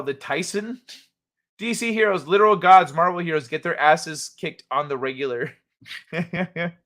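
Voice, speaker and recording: A man hosting a live stream, chatting casually and reading viewer comments in a jokey, animated way, laughing often. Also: on the high side.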